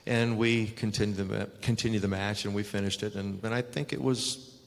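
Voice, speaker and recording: An older man with a fairly low voice tells animated stories as a guest at a live fan event, acting out the quoted lines. His voice carries the long reverb of a big hall. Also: fairly quick, creaky. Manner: animated anecdotes with acted-out quotes. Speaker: guest, retired wrestler.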